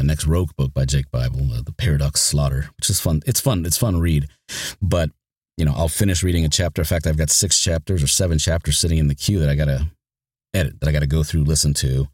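Very deep-voiced man, dry close sound. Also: quick pace, a little mellow, no room sound. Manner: rambling, with many restarts and repeated words. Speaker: audiobook narrator, guest. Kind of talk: casual interview talk.

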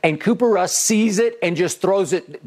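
A man's voice: sits high, normal speed. A man hosting a sports debate show, recounting plays emphatically with frequent restarts. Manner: animated, restarts often, emphatic play-by-play recounting.

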